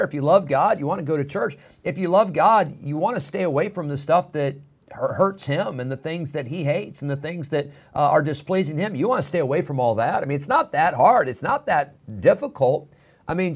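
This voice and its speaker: A man's voice: a little high, animated, a little fast, slightly rough. Earnest man preaching a sermon. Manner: earnest, emphatic preaching with repetition. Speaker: pastor.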